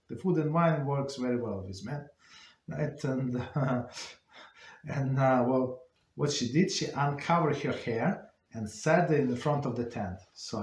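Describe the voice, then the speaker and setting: A rabbi, a man, teaches an informal class, retelling stories in a halting, conversational way that keeps stopping to restart. His voice sits at an ordinary middle pitch. The recording has a roomy, echoing sound. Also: darkish tone. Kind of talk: informal Torah class talk. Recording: roomy echo.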